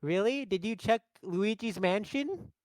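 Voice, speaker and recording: Man doing a fretful princess, high falsetto, comedy bit. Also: animated, measured pace, darkish tone, dry recording, clean studio sound. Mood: fretting. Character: fussy young princess, high and fretting.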